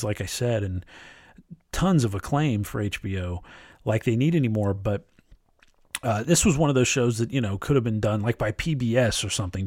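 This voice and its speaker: A man in the middle of a casual spoken review, talking at a mid-range pitch in a plain everyday voice. He comes across as conversational and opinionated, working out his thoughts aloud. The sound is dry and close, with little room around it. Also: darkish tone, no room sound. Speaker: TV and film reviewer.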